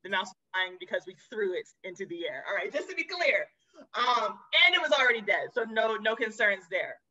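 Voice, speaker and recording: A woman zookeeper and educator, a podcast guest who tells lively, expressive stories and addresses listeners as y'all. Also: medium pitch, brisk, dull audio. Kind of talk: animated storytelling.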